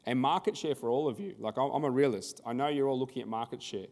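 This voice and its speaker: A man's voice: medium pitch, quick pace, a little mellow, big-room sound. An Australian man presenting a conference workshop in a conversational style, telling anecdotes and acting out the dialogue.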